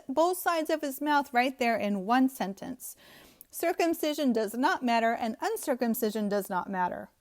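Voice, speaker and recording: A woman's voice: sits high, expressive, moderate pace. A woman giving scornful, emphatic Bible commentary to her viewers. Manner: scornful, emphatic, laughs at the text. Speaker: Bible teacher.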